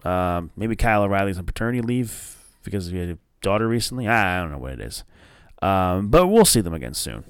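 A man from northern New Jersey hosting a casual wrestling review podcast, rambling and excitable with lots of fillers and swearing. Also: low-pitched, a little fast, clean tone, no echo, clean studio sound. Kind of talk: casual solo review show.

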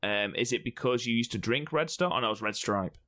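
A man's voice: medium pitch, lively intonation, brisk, sharp tone. A young man co-hosting a casual podcast chat, teasing and swearing freely. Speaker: podcast co-host.

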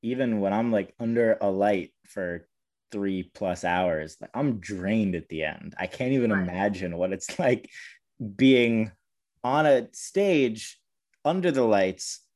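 A man's voice: on the low side, animated, slow, a little mellow. A man hosting a casual interview, offering short affirmations and laughing easily. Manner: brief affirmations, easy laughs. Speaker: podcast host.

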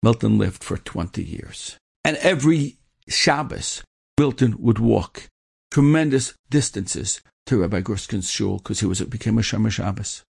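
A man's voice: on the low side, lively intonation, unhurried, creaky, a little mellow, husky, no echo, clean studio sound. A man telling a story in an earnest manner, repeating words for emphasis and mixing in Yiddish and Hebrew terms. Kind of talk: storytelling talk.

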